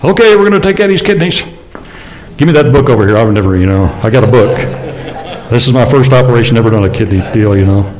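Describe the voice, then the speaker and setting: A man's voice: mid-range voice, lively intonation, fast talker, a little mellow, close to an everyday voice, rough recording. A man voicing a clueless male surgeon doing his first operation by the book, breezy and careless, inside a sermon.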